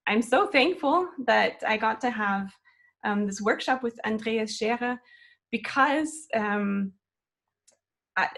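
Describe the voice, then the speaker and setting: A woman in her twenties talks about her path as a flute student in an unhurried, reflective interview conversation. Her voice is mid-pitched, and her manner is earnest and encouraging. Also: vocal fry.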